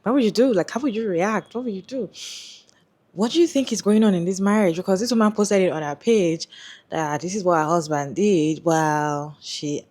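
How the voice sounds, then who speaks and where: Low-voiced woman hosting a reaction vlog. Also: moderate pace, darkish tone. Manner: asks viewers rhetorical questions. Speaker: host. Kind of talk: casual reaction commentary.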